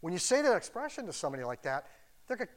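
A man's voice: a little high, big pitch swings, very fast. A man preaching a sermon as pastor in a folksy, conversational way, with joking asides.

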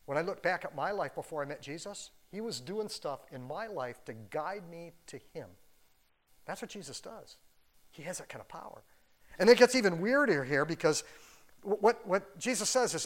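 Animated, casual man preaching a sermon. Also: on the high side, normal speed. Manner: casual, animated, many "like" fillers. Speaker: pastor.

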